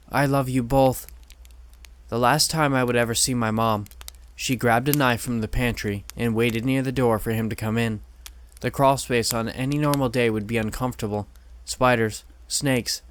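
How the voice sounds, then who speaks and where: A man reading horror stories aloud in measured, steady scripted narration. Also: medium pitch, a little hiss or hum.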